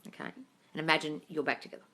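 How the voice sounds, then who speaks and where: An Australian manifestation coach runs a casual live Q&A, reading viewers' questions aloud and answering in a breezy, blunt manner. Her low voice races along with little pitch movement and a bright, forceful tone, and she calls people darling while swearing offhandedly.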